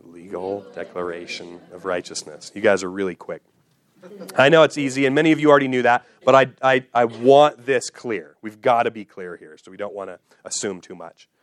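A man's voice: mid-range voice, lively intonation, fairly quick. A male pastor preaching a teaching sermon, emphatic and repeating key phrases so they stick.

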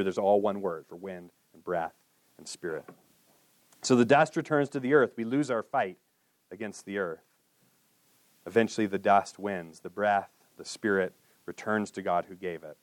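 A man preaching a sermon, his voice sitting low and earnest. He sinks into a hushed tone on solemn words and rises when he presses a point. The sound is dry and close, with no room around him. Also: dry recording. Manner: earnest, with drops to a hushed low voice and lifts for emphasis. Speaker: pastor.

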